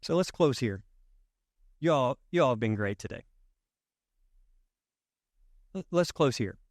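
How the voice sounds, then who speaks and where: Speaking at a normal pace with lively intonation, this pastor has a medium-pitched voice, recorded dry and at studio quality. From the church sanctuary he delivers an emphatic, conversational sermon full of rhetorical questions to his congregation.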